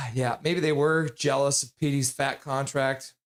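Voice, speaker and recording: A man streaming live play-by-play commentary, joking with viewers between calls and getting loud and excited on big plays. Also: medium pitch, measured pace. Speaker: streamer calling the game live.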